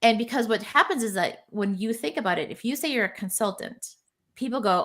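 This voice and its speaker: Woman interview guest, bright clear voice, confident, explanatory. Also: medium pitch, lively intonation, fairly quick. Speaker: marketing strategist guest. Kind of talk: casual interview chat.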